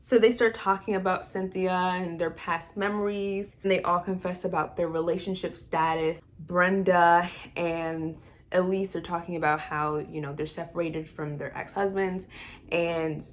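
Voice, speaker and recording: A woman casually retelling a film plot with animated, exasperated asides. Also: on the low side, moderate pace. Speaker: movie recap vlogger. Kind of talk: casual movie recap.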